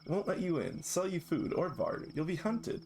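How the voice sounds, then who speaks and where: A man's voice: fairly high pitch, sing-song, moderate pace, a little mellow, slight background noise, voice pushed up. A man reading a game character's lines, putting on a stern townsperson who warns a young outcast not to get into fights. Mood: stern, warning. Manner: earnest, warning tone. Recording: game music playing behind.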